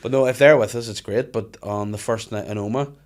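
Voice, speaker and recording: A man, hosting a casual podcast chat, swearing freely and telling animated stories. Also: fairly low pitch, fairly quick. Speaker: podcast host.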